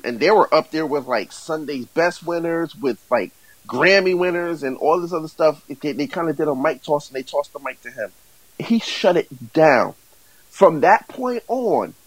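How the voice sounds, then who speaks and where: A man who owns a music management company, answering interview questions haltingly before building into an enthusiastic pitch for his artist. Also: dry recording, low-quality recording. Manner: halting, many fillers and restarts, then builds to enthusiastic pitching.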